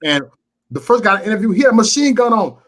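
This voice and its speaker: A man's voice: sits high, big pitch swings, fast talker, a bit bright. Passionate swearing man hosting a live show. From Chicago. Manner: passionate, swearing, repeats words when worked up. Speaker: livestream show host. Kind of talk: casual heated call-in talk.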